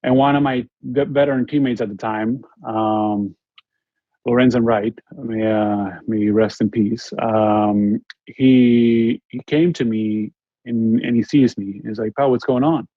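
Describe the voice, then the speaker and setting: A man's voice: on the low side, fairly even intonation, no echo. Earnest Spanish-accented man, dull dry sound. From Spain. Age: 40s. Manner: earnest, halting, frequent restarts. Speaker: interview guest, former basketball player. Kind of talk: reflective interview storytelling.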